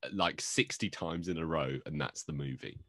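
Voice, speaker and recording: A man's voice: rumbling low, moderate pace, pushed and bright, no echo, studio quality. A man co-hosting a podcast, chatting casually with rambling, joking asides. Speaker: podcast co-host. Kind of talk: casual chat.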